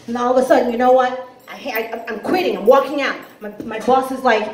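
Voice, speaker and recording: A woman's voice: high voice, fast talker. A woman raised in Africa doing stand-up storytelling at an open mic, acting out voices. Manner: lively, acts out voices. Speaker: stand-up comic. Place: comedy club. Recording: echoey club room, faint noise.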